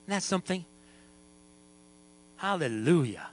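Male pastor, lively sermon delivery, somewhat high voice, hum under the track. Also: a little slow, poor audio. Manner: animated preaching, sings and shouts at times.

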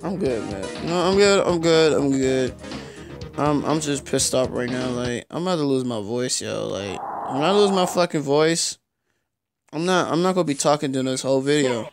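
Frustrated young man yelling at a game. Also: medium pitch, expressive, moderate pace, music in the background. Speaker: gaming YouTuber. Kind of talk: live gameplay commentary.

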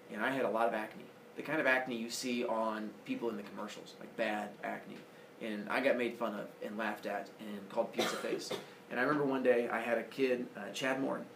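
A man's voice: medium pitch, creaky, reverberant, slight background noise. A man in his forties giving an earnest, personal motivational talk to students, heard from a distance in a large room. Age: 40s. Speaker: school speaker.

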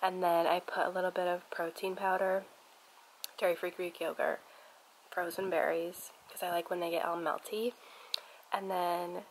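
A young woman from the United States chatting casually on her vlog, with lots of "like" and a quiet, almost whispered tone at times. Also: on the low side, little pitch movement, normal speed, a little hiss or hum, low-quality recording. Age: young adult. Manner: chatty, lots of "like", drops to a near whisper when tasting. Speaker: vlogger.

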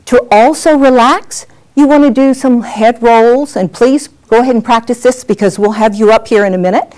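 A middle-aged woman teaching a workshop on presenting on camera, animated and acting out examples as she talks. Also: fairly high pitch, normal speed. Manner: lively, animated, acts out examples. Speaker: on-camera skills coach. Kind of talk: workshop lesson.

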